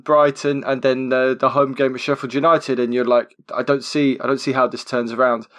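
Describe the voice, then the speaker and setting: A man in casual podcast chat about football. His voice sits at a middling pitch. He rambles with passion, tripping over words and repeating himself as he builds his point. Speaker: podcast co-host.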